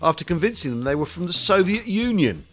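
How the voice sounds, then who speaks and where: A man co-hosting a comic history podcast, jokey and theatrical with quick asides. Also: high-pitched, big pitch swings, fairly bright tone, faint music behind. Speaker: podcast co-host.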